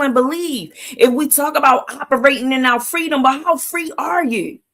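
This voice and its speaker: A woman's voice: high voice, a bit bright. A woman hosting a livestream who gives a motivational talk in casual vernacular, asking "Why?" before each answer. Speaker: livestream host.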